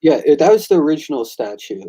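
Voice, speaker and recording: A man who creates and draws comics, chatting casually and excitedly, acting out the conversations he recounts. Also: a little high, fast talker, breathy edge, rough recording. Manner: excitable storyteller, acts out quoted exchanges. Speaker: comic book creator and artist. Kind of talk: casual chat.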